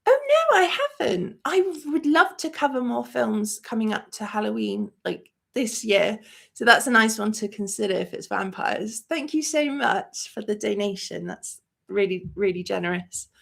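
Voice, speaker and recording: A woman's voice: medium pitch, expressive, moderate pace, gravelly. A woman hosting a movie channel in a live-stream chat, talking emotionally and rambling with many fillers. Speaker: host of a movie review channel.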